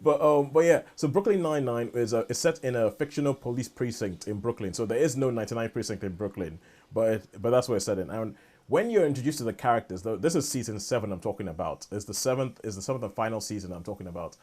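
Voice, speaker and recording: Male podcast co-host, mid-pitch, rambling and eager, trips over his own sentences. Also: fast, darkish tone. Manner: rambling, restarts sentences often. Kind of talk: casual chat.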